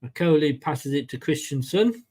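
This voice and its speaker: A fairly high-voiced English man hosts a live football watchalong for fans. He calls the play-by-play in a casual, chatty way and breaks off to greet viewers by name. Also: lively intonation, measured pace, warm tone, slightly rough. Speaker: fan channel host.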